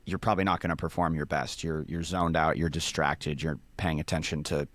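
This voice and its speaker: A man's voice: very deep voice, level tone, a little fast, fairly bright tone. A man casually explaining sports science step by step, with many fillers.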